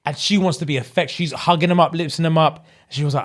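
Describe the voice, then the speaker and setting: A man's voice: fairly high pitch, rapid-fire. A man, a podcast co-host telling a story in casual chat and acting out what people said. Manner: animated storyteller acting out quotes.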